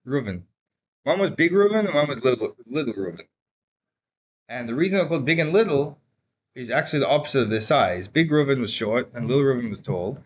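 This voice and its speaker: A man teaching a Chassidus class in a casual, animated storytelling way, saying "like" often. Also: mid-range voice, fast talker, husky, highs cut off. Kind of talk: Torah class lecture with storytelling.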